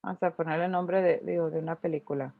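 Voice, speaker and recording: Woman, English teacher, Spanish speaker, patient and thinking aloud, low voice, tinny dry video-call audio. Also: steady tone, rapid-fire, gravelly, no echo. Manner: explains patiently, with frequent restarts and thinking aloud. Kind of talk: online class, switching between English and Spanish.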